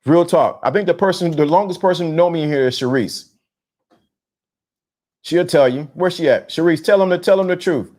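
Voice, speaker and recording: A man's voice: fairly high pitch, moderate pace. Slangy man hosting a live stream. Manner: slang-heavy, repeats phrases, shout-outs to viewers. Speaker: host of a talk show on dating game. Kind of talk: casual live-stream talk reading chat.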